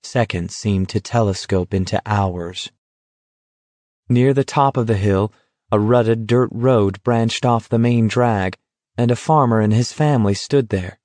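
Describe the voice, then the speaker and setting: A man narrates a novel in a steady, measured way. His voice is low-pitched. The recording is dry and close, with no room sound. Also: no echo. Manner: measured, even storytelling. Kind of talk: audiobook narration.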